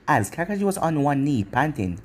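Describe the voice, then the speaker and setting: A man narrating a fan-made anime story in a plain, brisk storytelling manner. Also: a little high, big pitch swings, darkish tone. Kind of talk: story reading.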